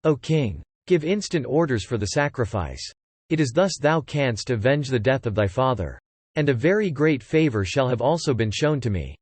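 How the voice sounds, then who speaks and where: A man's voice: medium pitch, lively intonation, moderate pace, darkish tone, no room sound, natural voice. Utanka, a man reading the part of an earnest young disciple. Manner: earnest, formal archaic pleading. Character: devoted young male disciple seeking vengeance on a serpent.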